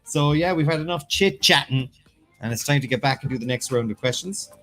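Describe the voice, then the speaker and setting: A man's voice: mid-range voice, lively intonation, brisk, fairly bright tone, faint music behind. A man with an Irish accent hosting a casual live-stream quiz, reading out questions and joking with his co-host. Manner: joking, reads questions aloud, banters.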